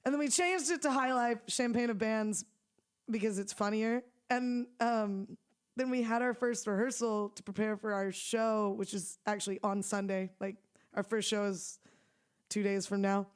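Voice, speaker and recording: A woman's voice: medium pitch, fairly even intonation, normal speed, clear, resonant tone. A young woman musician chatting in an interview, rambling with lots of "like" fillers and frequent laughs. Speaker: musician guest. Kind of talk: casual interview chat.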